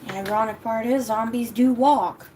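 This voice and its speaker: A woman hosting a casual livestream, tired and lethargic, swearing offhandedly, and switching to high sing-song baby talk when she talks to her cat. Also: fairly even intonation, normal speed, mellow, slight background noise, low-quality recording. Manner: low-energy, sluggish, swearing casually. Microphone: camera mic.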